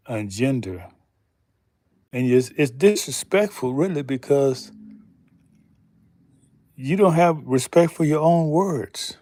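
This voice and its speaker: A man hosting a slow, deliberate commentary monologue, emphatic and pausing often, asking pointed rhetorical questions. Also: mid-range voice, a little mellow, dry recording. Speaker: channel host.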